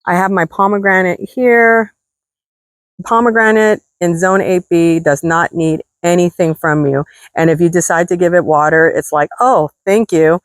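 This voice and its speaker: Out in a desert garden, a woman films a relaxed gardening vlog, talking to viewers with chatty enthusiasm while winded by the heat. Her voice sits low and steady at a normal pace, and the recording is dry.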